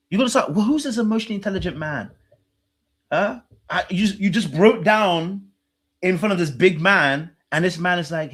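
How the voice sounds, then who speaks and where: Animated man hosting a reaction show. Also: high-pitched, moderate pace, breathy edge. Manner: animated, teasing, laughs, mimics people in a hushed voice. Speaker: podcast host reacting to a dating show. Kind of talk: casual reaction commentary.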